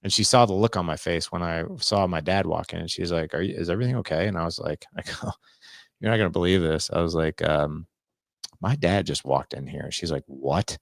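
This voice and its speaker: A man in his forties with a very low, gravelly voice tells a personal story as a podcast guest. He talks in an earnest, confessional way and acts out remembered dialogue. The sound is close and dry, with no room echo. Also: brisk. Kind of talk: candid storytelling in a podcast interview.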